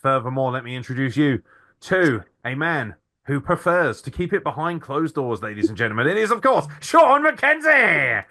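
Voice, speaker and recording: A man's voice: medium pitch, lively intonation, fairly quick, a bit bright. A man hosting a crude comedy podcast, introducing guests in a mock-grandiose announcer manner full of profanity. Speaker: podcast host.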